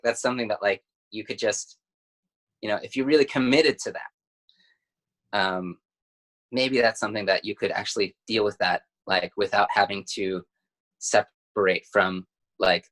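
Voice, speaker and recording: Halting low-voiced man, earnest. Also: fairly even intonation, a bit bright. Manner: halting, filler-heavy, earnest. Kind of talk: casual spiritual chat.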